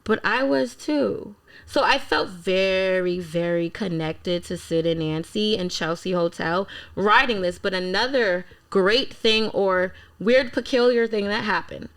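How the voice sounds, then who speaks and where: A woman musician from Philadelphia telling stories in a casual interview, animated and acting out quotes. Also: medium pitch, a little slow. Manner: animated storyteller, acts out quotes, exclaims. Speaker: guest musician.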